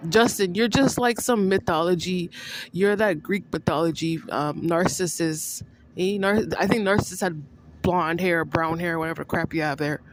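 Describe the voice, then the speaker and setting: A woman's voice: on the low side, slight background noise, rough recording. Rambling, accusing woman vlogger. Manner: accusing, repetitive, addresses an absent person by name; halting, with many restarts and fillers. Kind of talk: rambling monologue to the camera.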